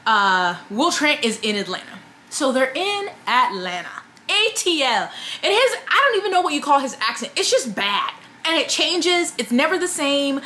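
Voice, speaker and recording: A woman talking casually to camera as a book reviewer, chatty and opinionated, with many fillers and quick asides. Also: on the high side, sharp tone, slight background noise.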